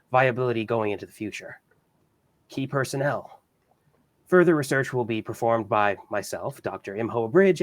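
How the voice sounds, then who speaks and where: A man voicing a doctor who reads a clinical research log aloud, with hesitant pauses. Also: fairly low pitch, no echo, close to an everyday voice. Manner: dry clinical report, hesitant fillers. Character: male scientist recording a clinical research log.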